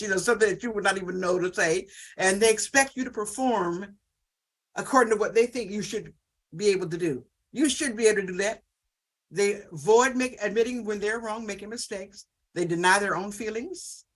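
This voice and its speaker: A man's voice: high-pitched, a bit bright. A man teaching at a church ministry session in a conversational way, listing traits and often adding "you know". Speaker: ministry workshop speaker.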